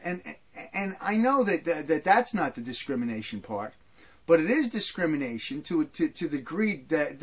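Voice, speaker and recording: A man's voice: on the high side, a bit bright. A man delivering a heated, ranting monologue, stumbling and repeating himself as he builds his point. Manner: heated, repetitive, stumbling restarts.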